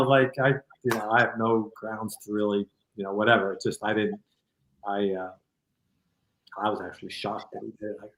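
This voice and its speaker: Calm, reflective middle-aged man. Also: fairly low pitch, fairly quick, roomy sound, rough recording. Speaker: guest author. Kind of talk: conversational storytelling.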